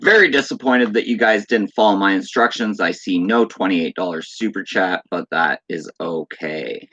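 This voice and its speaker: A man's voice: deep voice, normal speed, sharp tone, breathy edge, no echo, lo-fi sound. A man hosting a horror livestream, reading viewers' chat messages aloud and teasing them with spooky lines. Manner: playful, spooky teasing of chatters. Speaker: livestream host.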